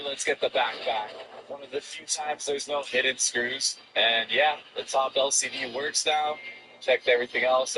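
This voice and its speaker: A man's voice: fairly high pitch, noisy background. A man narrating a console repair step by step, then talking plainly with a customer. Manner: matter-of-fact, step-by-step. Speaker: repair technician.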